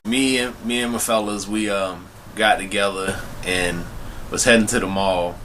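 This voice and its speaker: A man's voice: lowish voice, fairly even intonation, moderate pace, fairly bright tone, a little hiss or hum. A young man telling a personal story to his viewers in a laid-back, slangy way, often speaking to them directly. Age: young adult. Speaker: vlogger. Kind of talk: casual storytelling to camera.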